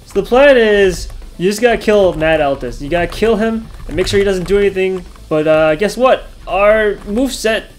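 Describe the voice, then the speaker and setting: A man hosting his own gaming channel, talking through his play, yelling and laughing at close calls. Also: sits high, moderate pace, few pauses, soft background music. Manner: chatty, talks over his play. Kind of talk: gameplay commentary.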